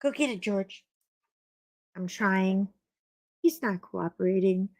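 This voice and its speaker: A woman's voice: medium pitch, takes it slowly, a little mellow, no room sound. A woman hosting a casual livestream from home while coloring, rambling chattily and breaking off to talk to her dogs, on a desk mic. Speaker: livestream host.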